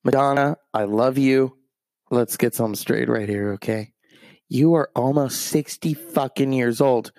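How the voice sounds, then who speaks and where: A man's voice: mid-range voice, a little slow, a little mellow, no echo. A man hosting a show, ranting in a crude, rambling, self-mocking comic way. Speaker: show host. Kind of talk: comedic rant.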